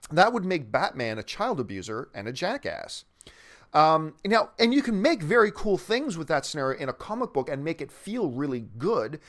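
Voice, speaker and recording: Guy hosting a movie talk show, slightly high voice, bouncing all over in pitch, rambling and excited. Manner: enthusiastic, rambling, frequent restarts. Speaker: host of a movie news show. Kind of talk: casual chat answering a viewer question.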